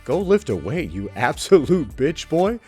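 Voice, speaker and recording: A crude, hot-headed gym bro, indignant and swearing, as a man voices him in a reaction video. The voice swings from low grumbling up to loud, high outbursts with wide, animated pitch. The outrage comes across as comic. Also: measured pace, over loud music. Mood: outraged.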